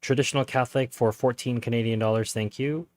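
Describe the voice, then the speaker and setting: A man's voice: mid-range voice, fairly even intonation, quick pace, a little mellow. A man hosting a live stream, reading donors' questions aloud and addressing his guest deferentially. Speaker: host reading viewer questions.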